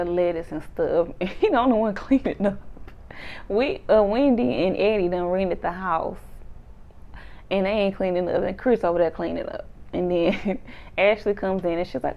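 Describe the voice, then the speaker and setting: A woman chatting through a reality show recap, breaking into laughter and putting on lively voices to quote people. Her voice has a gravelly texture, and the recording sounds dull and lo-fi. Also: mid-range voice. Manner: laughs often, acts out quotes in animated voices. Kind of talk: casual recap chat.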